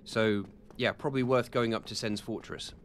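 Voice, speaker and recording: A young British gaming streamer from the United Kingdom rambles casually while playing, full of ums and self-deprecating jokes as he answers chat. His mid-range voice keeps a steady tone and moderate pace, with a little hiss or hum.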